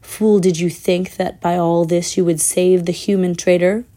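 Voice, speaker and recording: A woman voicing a cruel, fierce witch who barks sharp commands and quivers when she gloats. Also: fairly low pitch, level tone, normal speed, close to an everyday voice. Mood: gloating.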